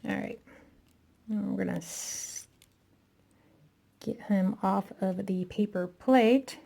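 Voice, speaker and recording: A woman with a gravelly, creaky voice walks slowly through a crafting tutorial, narrating as she works. She is a little out of breath, chatty and self-deprecating, with an unhurried pace. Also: medium pitch, dark tone. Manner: chatty, self-deprecating, talking while working.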